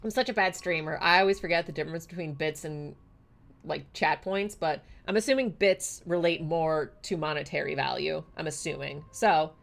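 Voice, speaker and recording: A woman's voice: low-pitched, fairly even intonation, moderate pace, vocal fry. A woman live-streaming a game, chatty and casual, who squeals and swears when something surprises her. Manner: chatty and casual, laughs often.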